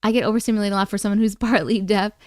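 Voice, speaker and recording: A woman's voice: medium pitch, fairly even intonation, racing, darkish tone, dry recording, clean studio sound. A woman hosting a casual livestream, chatting and greeting viewers by name in a bubbly way. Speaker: livestream host. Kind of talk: casual chat reading live comments.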